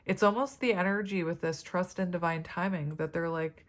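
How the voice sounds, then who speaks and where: A woman's voice: on the low side, steady tone, normal speed. Chatty woman giving a tarot reading. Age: adult parent. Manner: chatty and rambling, many fillers and asides. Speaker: tarot reader.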